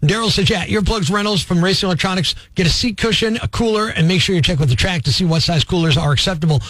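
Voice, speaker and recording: High-pitched guy doing morning radio, cracks jokes, dry close mic. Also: fast talker, dry recording. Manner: wisecracking, energetic, ranting. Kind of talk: radio talk show with callers and rants. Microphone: studio mic.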